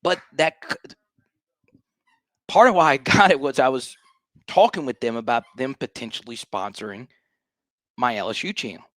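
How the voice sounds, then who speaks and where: A man's voice: medium pitch, normal speed, pauses often, fairly bright tone, dry recording. A man hosting a sports fan livestream, ranting in a fired-up, hyped way and repeating lines for emphasis. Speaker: sports show host.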